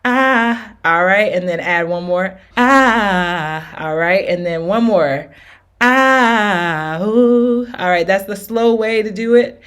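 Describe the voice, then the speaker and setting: A woman's voice: fairly low pitch, fairly even intonation, normal speed, few pauses. A woman teaching an R&B singing lesson with demonstrations, upbeat and encouraging, often checking in with her students. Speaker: vocal coach.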